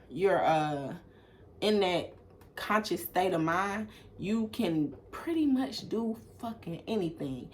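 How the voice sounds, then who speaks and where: A young woman from Atlanta, USA, with a Southern Atlanta accent, tells a story in a casual vlog style. She's animated and swears freely, acting out the people she quotes in sudden loud, high bursts.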